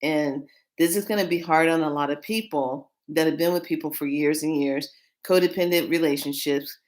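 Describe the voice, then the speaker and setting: A woman who reads tarot cards, chatting casually to the camera and retelling what happened with a client in an animated way. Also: sits low, normal speed. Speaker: tarot card reader.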